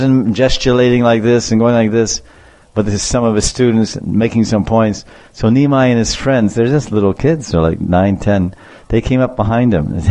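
Guy preaching a devotional talk, tells stories, acts out the quotes, normal pitch. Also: normal speed. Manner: animated storyteller, acts out quotes, laughs. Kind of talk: devotional sermon with storytelling.

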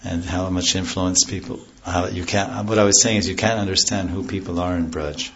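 Through a muffled recording, a deep-voiced man speaks steadily at normal speed, his tone a bit bright. He teaches a devotional class, rambling into stories and losing the thread before explaining scripture terms in plain language.

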